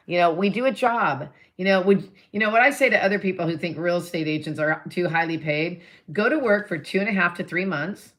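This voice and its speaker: A middle-aged woman real estate agent talking live to viewers, telling a deal story in a chatty way, acting out both sides of phone calls and pitching her classes. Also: animated, fairly quick, a bit bright. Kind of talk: live-stream talk to viewers.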